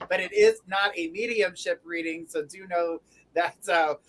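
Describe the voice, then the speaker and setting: A woman's voice: lowish voice, fairly even intonation, moderate pace, a bit bright, poor audio. A woman hosting a live stream as a tarot reader, chatting, encouraging viewers and laughing often. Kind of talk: live-stream chat and joke telling.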